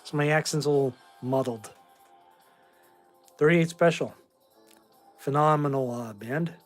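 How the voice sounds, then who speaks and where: A man's voice: fairly high pitch, unhurried, faint music behind. A tired man in his forties from Massachusetts, hosting a casual livestream and talking bluntly and in rambling fashion as he answers chat. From Massachusetts, USA. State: tired, short on sleep.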